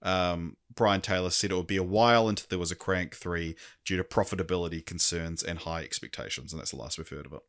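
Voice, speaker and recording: A man co-hosting a casual film review podcast, talking with many pauses and restarts. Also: low-pitched, a bit bright. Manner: hesitant, many ums and restarts. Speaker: podcast co-host.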